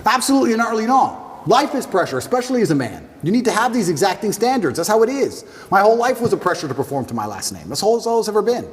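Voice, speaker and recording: Forceful man firing rhetorical questions. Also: sits high, very animated, quick pace, few pauses. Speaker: interview guest. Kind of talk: emphatic interview talk. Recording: room with long reverb.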